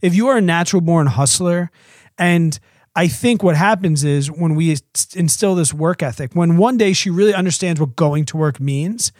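A man in his thirties co-hosts a relaxed podcast, chatting away and happily mimicking a toddler in a squeaky voice. His voice sits a little high and moves at a moderate pace. The sound is close and dry, with no echo or room around it.

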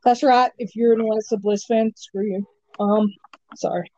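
A woman joining a podcast conversation, blunt and openly dismissive. Her tone is mellow and a little dark, and the sound is dry and close. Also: medium pitch, fairly even intonation, normal speed, dry recording, lo-fi sound. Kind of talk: casual podcast chat.

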